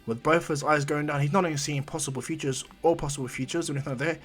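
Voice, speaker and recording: A man's voice: a little high, fairly even intonation, fast, a bit bright, husky, soft background music. A man improvising a fan fiction story in a rambling, conversational way.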